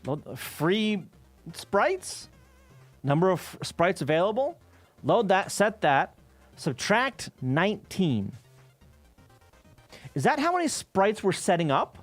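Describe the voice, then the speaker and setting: A slightly high-voiced man talks through code on a live stream in a loose, rambling way. He swears and laughs often and keeps restarting his sentences. Faint music plays underneath. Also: very animated, slow, long pauses. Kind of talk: casual live-stream chat while reverse engineering code.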